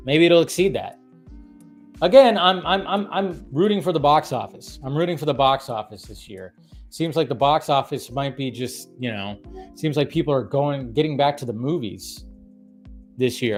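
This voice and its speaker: A man hosting a live stream, chatting casually about movies, rambling with many fillers and repeated phrases. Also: medium pitch. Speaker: livestream host.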